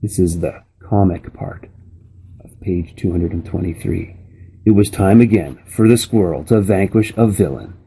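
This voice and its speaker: A man reading a children's novel aloud in a calm, measured storytelling manner. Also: sits low, slight background noise, low-quality recording. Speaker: reader.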